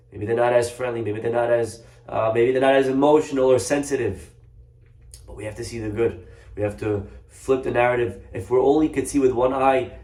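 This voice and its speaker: A man giving a Torah class as a rabbi, earnest and animated, telling stories with acted voices. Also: medium pitch, reverberant.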